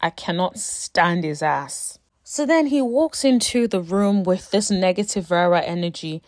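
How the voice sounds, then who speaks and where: A woman with a fairly low voice gives a casual reality-show recap, emphatic and quick to scold the cast. Her delivery is animated, full of asides and pet names like honey. The sound is dry and close, with no room echo. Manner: exasperated asides, calls people honey and sis. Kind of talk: casual reality-TV review commentary.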